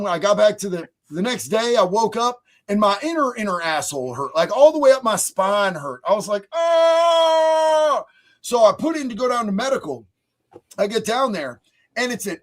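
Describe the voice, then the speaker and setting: A man hosting a livestream, telling crude stories in a profane, boisterous way, swinging between loud bursts and mutters. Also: high-pitched, sing-song, fairly quick. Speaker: streamer host. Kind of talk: crude comedic storytelling on a livestream.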